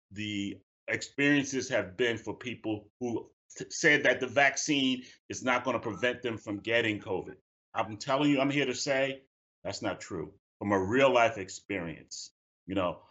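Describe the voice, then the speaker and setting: A man's voice: mid-range voice, bright, forceful tone. A man speaking as a guest on a video call, earnest and urgent, repeating himself for emphasis. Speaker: guest, head of a national youth organization. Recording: dull video call audio.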